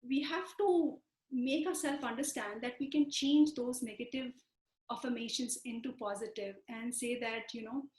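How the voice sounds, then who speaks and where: A woman teaching a self-help exercise, repeating phrases slowly to guide the listener. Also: fairly high pitch, darkish tone, echoey room, rough recording. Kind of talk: instructional self-help talk.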